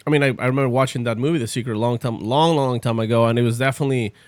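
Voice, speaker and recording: Smooth-voiced animated co-host man. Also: medium pitch, rapid-fire, no echo. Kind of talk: casual podcast chat.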